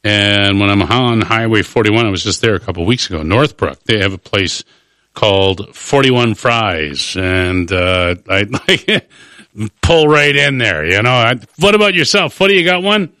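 A male radio host with a bright, forceful voice leads a casual chat. He asks questions in a chatty, upbeat way. His mic sounds dry and close. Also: fairly low pitch, animated, normal speed, dry recording.

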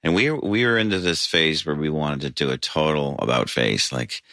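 Very deep-voiced man reminiscing. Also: normal speed, pushed and bright, no room sound, studio quality. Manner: rambling, frequent restarts and fillers, laughs. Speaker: band member interviewed. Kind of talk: casual interview storytelling. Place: basement of a tavern.

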